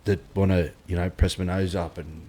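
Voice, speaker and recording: A middle-aged Australian man with a fairly low voice tells fight stories in a blunt, sweary way. He drops into quoted lines as he goes, and the chat stays relaxed and unscripted. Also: moderate pace. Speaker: guest, former fighter. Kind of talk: casual podcast chat.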